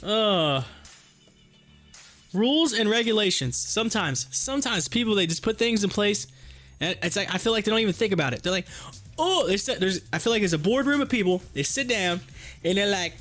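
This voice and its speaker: A man's voice: high voice, lively intonation, a little fast, a bit bright, faint music behind. A man hosting a day-trading live stream, telling rambling stories in casual chat full of fillers and laughs. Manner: rambling, chatty storytelling with frequent fillers and laughs.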